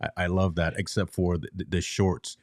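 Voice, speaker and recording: A man's voice: low-pitched, little pitch movement, normal speed, a little mellow, no echo, clean studio sound. A man hosting an interview, jumping in to hype his guest's points and asking him to repeat key ones. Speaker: podcast host.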